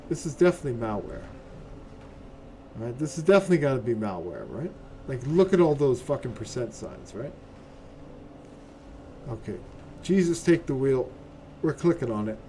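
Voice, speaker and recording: Excitable cursing man streaming a game. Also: medium pitch, a little hiss or hum. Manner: profane, excitable, talks to chat, keeps asking "right?". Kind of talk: casual live game commentary.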